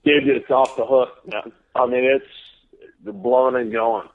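A man's voice: medium pitch, steady tone, measured pace. Texan man telling tales over the phone. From Texas. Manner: profane, laughing, drawling storyteller. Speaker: guest. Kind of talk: casual storytelling on a podcast. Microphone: phone call. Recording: tinny phone line.

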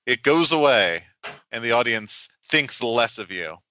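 A man's voice: medium pitch, expressive, unhurried, pushed and bright, dry recording, low-quality recording. A man, a game designer, explaining his tabletop game in a podcast interview, thoughtful and full of restarts.

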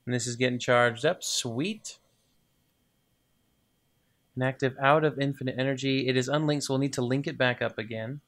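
Gravelly man muttering through a game. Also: mid-range voice, steady tone, moderate pace, long pauses, a bit bright. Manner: talks to himself and the game items, muttering and cheering. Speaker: gaming video host. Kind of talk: casual let's-play commentary.

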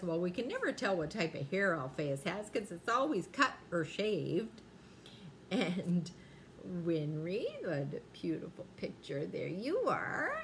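A woman's voice: medium pitch, a little hiss or hum. An older woman reading aloud at bedtime to her grandchildren, playful and drawing out the punchlines. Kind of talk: bedtime read-aloud for young children.

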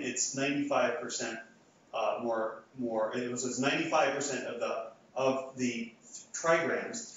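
A man's voice: mid-range voice, slight background noise. Guy giving a lecture, lots of restarts, sounds far off in a big echoey hall, kinda dull. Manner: conversational, frequent restarts and fillers. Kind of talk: academic lecture with audience polling.

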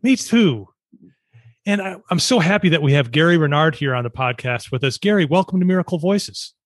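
A man's voice: a little high, expressive, fairly quick, no room sound, studio quality. Friendly man hosting a podcast. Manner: friendly, upbeat introductions. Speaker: podcast host.

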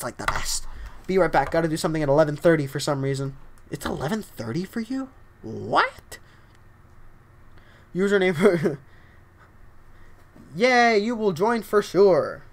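A young man with a scratchy voice, livestreaming a game at home, chatting casually and excitedly while greeting his viewers. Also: high-pitched. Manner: excitable, rambling, greets chat often. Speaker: livestreaming gamer.

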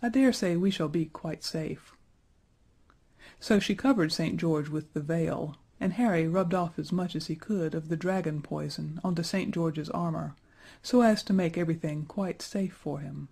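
A man reading a fantasy storybook aloud in a steady, even storytelling manner. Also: fairly high pitch, normal speed, creaky. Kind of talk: storybook narration.

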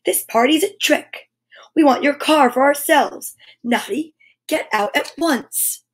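A woman's voice: high-pitched, takes it slowly, pitched above the performer's own voice. A woman voicing a nasty, mocking male goblin trickster in a children's story, gloating as he talks.

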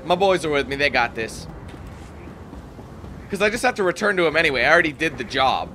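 A man's voice: a little high, animated, a little fast, sharp tone, slight background noise. A young man casually commentating a game, chatty and swearing when frustrated. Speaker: gameplay commentator. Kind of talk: casual let's play commentary.

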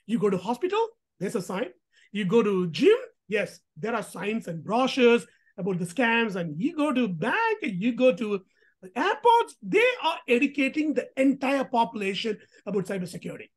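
A female host delivering casual vlog commentary with emphatic punches and rhetorical questions. Her voice sits a little high with a husky, breathy texture, and her pitch leaps about constantly. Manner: animated, emphatic, with frequent restarts and rhetorical questions.

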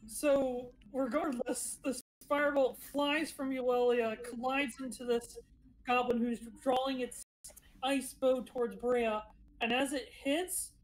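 A woman running a tabletop game as game master, narrating the action in a relaxed, descriptive way. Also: sits high, slow, low-quality recording.

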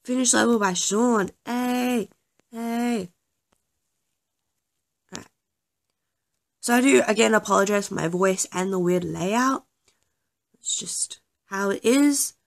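A woman's voice: mid-range voice, fairly even intonation, unhurried, vocal fry, long pauses. A young woman chatting casually over gameplay, often apologizing and joking about herself. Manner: self-deprecating, apologetic, chatty. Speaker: gaming YouTuber.

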